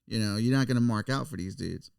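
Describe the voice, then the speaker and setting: A man's voice: fairly low pitch, fast, gravelly, darkish tone, smooth, dry recording, studio quality. A man in casual podcast chat who laughs a lot and gives short encouraging replies.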